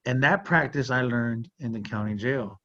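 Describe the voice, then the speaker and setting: Male host, earnest and conversational, mid-pitched voice, slightly muffled recording. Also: moderate pace, a bit bright. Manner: earnest, with frequent "like" and "you know". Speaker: podcast host. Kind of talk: heartfelt conversational storytelling.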